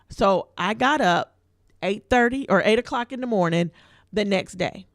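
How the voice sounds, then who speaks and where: A woman co-hosting a podcast tells a story in casual, colloquial speech, animatedly acting out the voices of the people in it. Her mid-range voice moves at a moderate pace, with clean studio sound and no echo.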